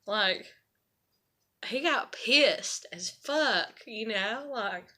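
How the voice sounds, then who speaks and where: A woman speaks in a rambling, profane confessional vlog from her apartment. Her voice sits a little high and has a sharp, forceful edge. She leans heavily on fillers and swears freely. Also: animated, drawn-out words. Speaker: vlogger. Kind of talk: casual confessional monologue.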